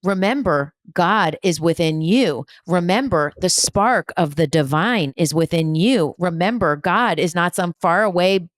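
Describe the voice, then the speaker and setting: A woman's voice: on the low side, measured pace, few pauses, no room sound, studio quality. A woman hosting a spiritual podcast, giving an emphatic, repetitive motivational talk with blunt swearing and humor. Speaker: spiritual medium and podcast host.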